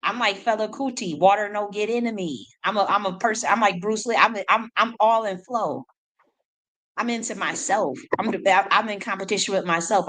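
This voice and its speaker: A woman's voice: mid-range voice, fairly bright tone, rough recording. Profane ranting woman. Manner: blunt, profane, combative, rapid repetitions. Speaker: independent artist. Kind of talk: ranting monologue.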